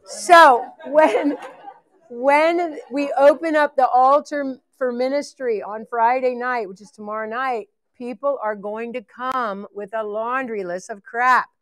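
A woman's voice: on the high side, fairly even intonation, unhurried. A woman leading a live ministry training session, blunt and joking as she teaches. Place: church event hall.

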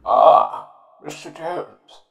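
A man's voice: lowish voice, huge pitch swings, slow pace, exaggerated voice. A man playing a foul-mouthed character whose voice sounds posh, in a fan audio drama. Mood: wry. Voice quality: gravelly posh drawl.

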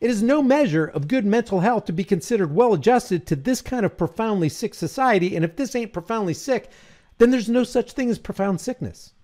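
Man, political commentator, sarcastic, mocking, lively swinging pitch, fairly high voice. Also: brisk. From New Jersey. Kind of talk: reading and ranting about news.

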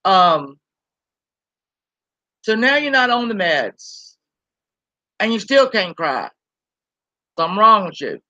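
A woman's voice: medium pitch, very animated, takes it slowly, long pauses, bright, forceful tone, no room sound, lo-fi sound. A woman, ranting bluntly and profanely on a live-stream while reading chat aloud. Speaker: YouTube commentary host.

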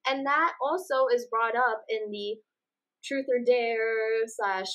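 A young woman co-hosting a chatty podcast, her voice sitting a little high. She talks in animated, exasperated bursts and slips into quick acted-out quotes of the people she's discussing. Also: dull audio. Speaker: podcast co-host. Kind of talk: casual chat.

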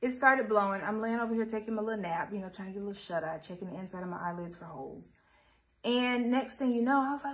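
A woman's voice: medium pitch, quick pace. A woman, hosting a casual live embroidery stream and chatting to her viewers. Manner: chatty, expressive, addresses viewers as y'all. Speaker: embroidery livestream host.

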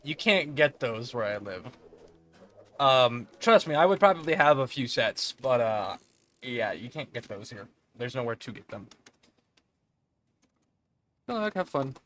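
A man's voice: mid-range voice, big pitch swings, a little slow, pauses often, fairly bright tone, a little hiss or hum. A young man live-streaming a game, chatting casually, laughing often and swearing freely in a rambling, playful way. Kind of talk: casual live-stream chat while gaming.

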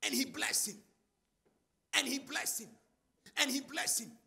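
A man preaching a sermon in call-and-response style, shouting and chanting phrases to the congregation. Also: very high-pitched, a little slow, vocal fry.

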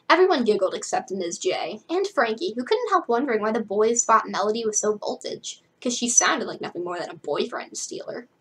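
A young woman with a husky, slightly breathy voice reads a teen novel aloud. She stops often for wry, chatty asides and jumps up in pitch to voice the characters, sometimes dropping to a hushed tone. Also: animated, poor audio. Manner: chatty, wry, quick to laugh at the book; drops to a hushed voice now and then. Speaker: book reader and commentator.

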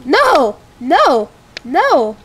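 A woman's voice: high-pitched, wildly swooping pitch, drawn-out words, slight background noise. A woman playing a frustrating game on camera, exclaiming and muttering at it. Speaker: let's play gamer.

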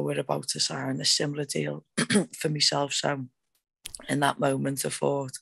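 Gravelly-voiced woman telling fight stories. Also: sits low, no echo. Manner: rambling, fast and animated with many fillers. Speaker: MMA fighter guest. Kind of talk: excited casual storytelling.

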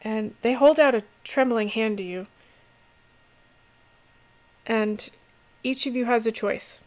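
A woman's voice: on the high side, slow. Chatty woman running a tabletop game. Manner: relaxed, rambling with fillers and restarts. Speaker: game master.

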